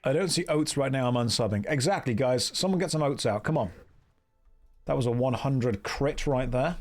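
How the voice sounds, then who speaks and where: A man's voice: mid-range voice, lively intonation, normal speed, darkish tone. Dry, joking American streamer man. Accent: American Midwest. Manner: dry, playful, reading and answering chat. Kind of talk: casual live-stream commentary.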